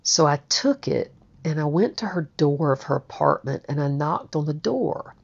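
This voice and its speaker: A woman's voice: low voice, expressive, normal speed, gravelly, slightly rough. A woman telling a personal story in a candid, rambling way, often repeating her words. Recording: dull lo-fi recording.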